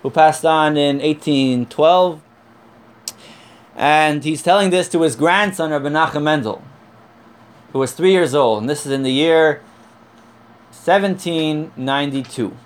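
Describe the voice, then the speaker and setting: A man's voice: on the high side, measured pace, long pauses, clear, resonant tone. A man teaching a conversational Torah class from sources, earnest and emphatic, repeating his points and telling a joke to make them.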